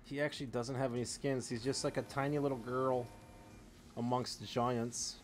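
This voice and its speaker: A man's voice: mid-range voice, little pitch movement, moderate pace. A man streaming a video game, chatting loosely with his viewers and swearing freely as he plays, in a room with faint background noise. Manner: rambling, profane, talking to chat while playing. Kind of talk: casual live-stream chat.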